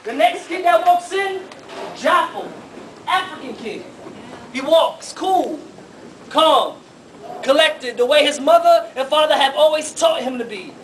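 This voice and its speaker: A man performing spoken word poetry live at a university, rhythmic and dramatic with loud bursts. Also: very high voice, expressive, unhurried, pauses often, distant mic, slight background noise. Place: university hall with audience. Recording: live hall from afar, audience.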